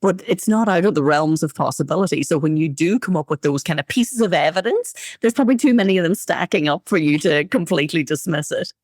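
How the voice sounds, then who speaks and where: A woman's voice: lowish voice, animated, fast, few pauses, a little mellow, no room sound, studio quality. A woman podcast host in casual chat, encouraging and thinking aloud.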